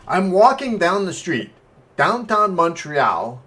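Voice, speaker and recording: A man's voice: high voice, very animated, slow pace, bright, forceful tone. A native French-speaking man co-hosting a podcast, telling rambling stories in casual chat with blunt talk and swearing. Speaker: podcast co-host.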